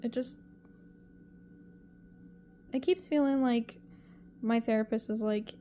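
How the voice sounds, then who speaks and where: A young woman with a fairly high, mellow voice talks to camera in a confessional vlog. She is emotional and halting, and her thoughts ramble and trail off. A faint hiss sits under her voice. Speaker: vlogger.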